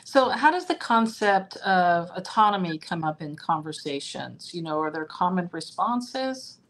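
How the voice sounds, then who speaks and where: Lower-voiced woman interview host. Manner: friendly, quick to agree, animated when telling stories. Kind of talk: conversational interview.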